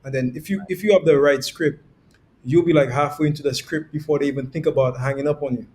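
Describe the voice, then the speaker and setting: A man coaching on sales, explaining in a relaxed podcast conversation and acting out little quoted examples. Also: on the high side, fast. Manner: demonstrates tones with quoted examples, laughs easily.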